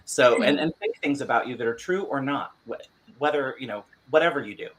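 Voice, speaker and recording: A man's voice: medium pitch, a little fast, a bit bright, poor audio. A man in a casual livestream chat, speaking frankly with loose, restarting phrasing.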